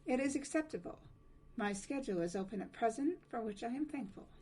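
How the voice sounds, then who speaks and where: A woman's voice: fairly high pitch, lively intonation, a little fast, dark tone, slightly rough, faint music behind, poor audio. A woman voicing a stiff, formal character with clipped speech.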